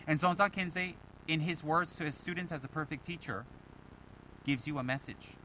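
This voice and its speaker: Man, Buddhist teacher, dharma talk, emphatic rhetorical questions, mimics others, high, piercing tone. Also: normal speed, sharp tone, slight background noise, poor audio. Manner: mimics other people's voices in quotes.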